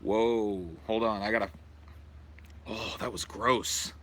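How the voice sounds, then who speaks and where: A man's voice: lowish voice, steady tone, slow pace, a bit bright. A man chatting casually and profanely on a livestream, rambling about his day while sitting outdoors in his backyard at night. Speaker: streamer.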